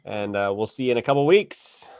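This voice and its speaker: A man's voice: lowish voice, lively intonation, fairly quick, a little mellow. A man co-hosting a podcast, casually wrapping up a live stream in an easygoing way. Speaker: podcast co-host.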